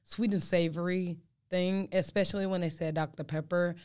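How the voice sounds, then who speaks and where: A man's voice: high-pitched, fairly even intonation, normal speed, a little mellow, clear, resonant tone. A man hosting a casual podcast chat, reacting bluntly and jokingly, with casual swearing. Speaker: podcast host.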